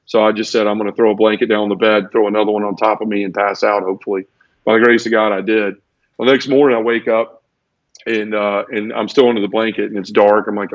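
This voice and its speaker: A man's voice: fairly low pitch, little pitch movement, fast talker, dry recording. A man, a podcast guest, telling his personal testimony in an emotional, repetitive way and acting out sound effects. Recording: dull, lo-fi podcast audio.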